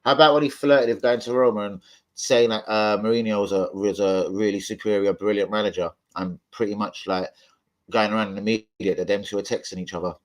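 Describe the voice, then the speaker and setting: A man's voice: fairly low pitch, fairly even intonation, fairly quick. Blunt man arguing on stream. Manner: blunt, swears freely, argues with chat. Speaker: live stream host. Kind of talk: heated live-stream football debate.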